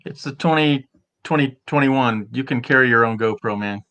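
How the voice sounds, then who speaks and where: A man's voice: medium pitch, moderate pace, sharp tone. A man co-hosting a casual chat, chatty and upbeat, steering the talk. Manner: chatty, upbeat, talks over others.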